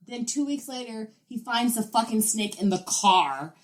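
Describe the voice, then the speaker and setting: A young adult woman co-hosting a podcast, telling stories in animated, profane casual chat. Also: medium pitch, moderate pace, hardly any pauses. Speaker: podcast co-host.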